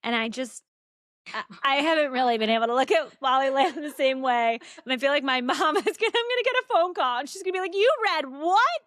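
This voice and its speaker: A chatty woman co-hosting a book podcast, her voice pitched a little high. She talks in quick, rambling asides and jumps from one thought to the next. The mic is close and dry, with no room sound. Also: expressive, fairly bright tone, dry recording. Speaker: podcast co-host. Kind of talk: casual chat.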